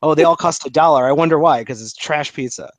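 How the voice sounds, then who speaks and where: A man's voice: a little high, fast talker, no echo. A man co-hosting a casual sports chat, opinionated and playfully indignant. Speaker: podcast co-host.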